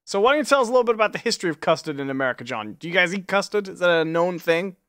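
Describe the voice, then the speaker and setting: A co-host on a jokey live cooking stream, teasing the cook with quick puns and mock-interview questions. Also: medium pitch, sing-song, fairly bright tone.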